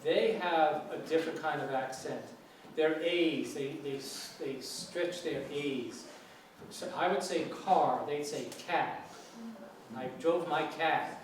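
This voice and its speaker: A man's voice: a little high, slow pace. A middle-aged man teaching an informal English lecture, chatty and asking students questions. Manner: chatty, asks the audience questions, imitates regional accents. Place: lecture hall. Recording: echoey hall from far off, faint noise.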